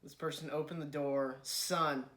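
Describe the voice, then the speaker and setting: A man's voice: fairly high pitch, fairly even intonation, a little slow, a bit bright. A young adult man co-hosting a casual chat, rambling through funny anecdotes and acting out the people in them. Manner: rambling storyteller who acts out voices in his anecdotes. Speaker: podcast co-host.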